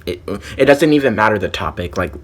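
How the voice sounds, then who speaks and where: A man's voice: lowish voice, lively intonation, brisk. A man vlogger telling a rambling storytime monologue, full of "like" fillers and restarts.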